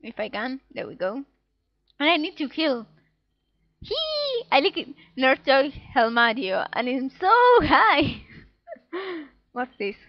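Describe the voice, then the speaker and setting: A let's play gamer with a high voice and lively intonation narrates her gameplay playfully at a measured pace. She giggles and reads game dialogue in little voices, recorded at home with a dull, dry sound and no room echo.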